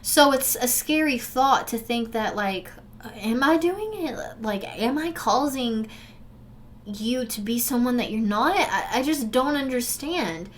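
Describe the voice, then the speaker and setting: A woman's voice: on the high side, animated, a little slow, slight background noise. A young adult woman telling her own story to the camera in an earnest, emotional way, speaking straight to her viewers. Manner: swings from forceful urging to soft, subdued recollection. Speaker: vlogger sharing a personal story. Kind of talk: candid direct-to-camera storytelling.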